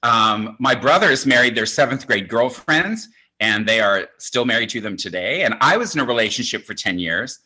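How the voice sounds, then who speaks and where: A man's voice: medium pitch, lively intonation, normal speed, hardly any pauses, pushed and bright. A man in his sixties doing a stand-up comedy set, with a campy, conversational, self-mocking delivery. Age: 60s. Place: home, virtual show.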